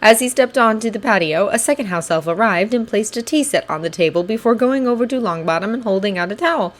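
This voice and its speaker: A woman narrating a fan-made audiobook at a mid pitch for a woman. She tells the story in a steady, even way. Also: quick pace. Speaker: fanfiction reader.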